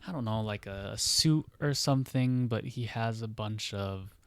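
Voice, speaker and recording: A man's voice: lowish voice, moderate pace, fairly bright tone, smooth, no echo. A man hosting a podcast, casually telling a story in a rambling way full of "like" and "you know.". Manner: rambling, filler-heavy, many "like" and "you know". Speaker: podcast host. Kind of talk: casual storytelling of a book idea.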